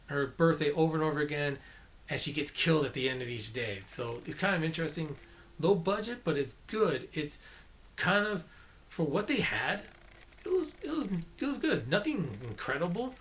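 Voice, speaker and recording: A man giving a casual, rambling movie review, enthusiastic and often correcting himself mid-sentence. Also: a little high.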